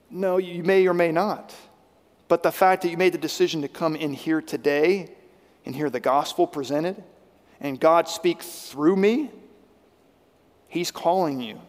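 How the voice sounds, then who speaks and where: Pastor guy preaching, high voice, goes loud then real quiet, long hall echo. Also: a little slow, pauses often. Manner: preaching with wide swings between loud emphasis and hushed intensity. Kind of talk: sermon.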